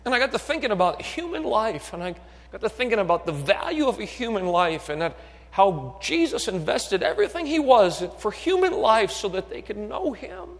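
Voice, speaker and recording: A man's voice: sits high, very animated, moderate pace, vocal fry. A man preaching a sermon who keeps asking his listeners whether they are still with him. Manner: builds from quiet talk to shouted fervor. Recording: long echo of a hall.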